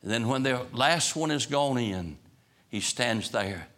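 A male preacher retells a story with dramatic, building emphasis. His voice is bright and forceful, set at a middle pitch. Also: expressive, measured pace.

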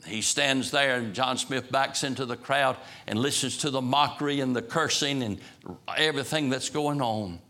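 A male preacher retells a story with dramatic, building emphasis. His voice is bright and forceful, set at a middle pitch. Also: moderate pace.

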